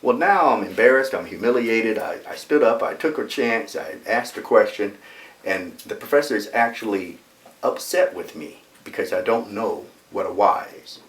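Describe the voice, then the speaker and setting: A man in his sixties gives a personal storytelling speech as a motivational speaker, animated and emphatic, with repeated phrases for effect. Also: lowish voice, moderate pace. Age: 60s. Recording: roomy echo, mic far off.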